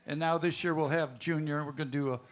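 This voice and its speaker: A man's voice: on the high side, steady tone, fast talker. A man hosting a live country music show, rambling through stage banter and a joke with many uhs. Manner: rambling, many uhs, chuckles at own jokes. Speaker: stage show host and emcee. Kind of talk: joking stage banter with audience.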